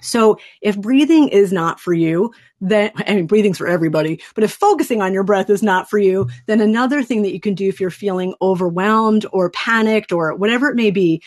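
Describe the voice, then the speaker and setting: A woman trainer leading a webinar, calmly and soothingly guiding listeners through a breathing exercise. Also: mid-range voice, brisk, hardly any pauses. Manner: calm, soothing and instructive. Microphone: desk microphone.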